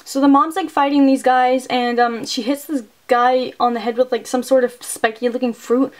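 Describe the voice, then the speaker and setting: A woman with a high, steady voice reviews a movie at normal speed, casually recapping the plot in a chatty way peppered with plenty of "like" and "um."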